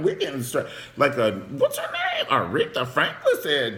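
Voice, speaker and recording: A flamboyant man dishes on a TV drama with sass and gossip, his pitch swinging widely and leaping into squealing highs. The voice rings out in an echoey room. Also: huge pitch swings, moderate pace, hardly any pauses, music in the background. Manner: sassy, flamboyant, gossipy with sudden high squeals. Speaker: TV show reviewer. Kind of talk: casual recap vlog.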